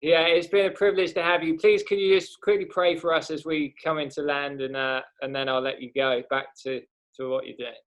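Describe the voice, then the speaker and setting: Courteous male podcast host, higher voice. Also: level tone, a little fast, hardly any pauses, a bit bright. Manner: courteous and encouraging. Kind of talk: interview hosting.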